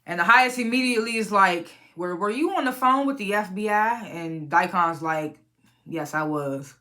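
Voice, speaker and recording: Her mid-range voice has lively intonation and a moderate pace, with a pushed, bright quality. On her own review channel, she gives a casual, profanity-laced recap of a TV episode and performs the characters' lines along the way.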